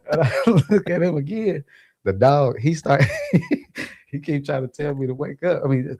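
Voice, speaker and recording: Animated laughing man telling a story. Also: mid-range voice, normal speed, slightly rough. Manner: animated, laughing, acts out quotes. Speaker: podcast co-host. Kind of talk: casual storytelling.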